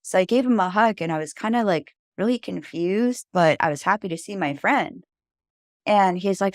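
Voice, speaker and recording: A woman with a low voice tells a personal story as a podcast guest. She rambles casually, with lots of "like" and "you know." The sound is dry and close. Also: moderate pace, no echo.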